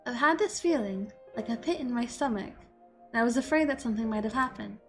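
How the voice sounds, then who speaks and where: A gentle young oracle girl speaks in a quiet, earnest voice that sits fairly high, as a woman reads her lines. Her delivery stays hushed and worried, with faint game music underneath. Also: brisk, natural voice. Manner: soft, hushed, earnest reading.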